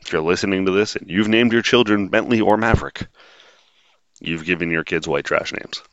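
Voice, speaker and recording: Deep-voiced sarcastic man, dry dull sound. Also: a little fast, fairly bright tone, clear, resonant tone, no echo. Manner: sarcastic, blunt, rambling with fillers. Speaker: podcast host. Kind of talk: solo podcast monologue.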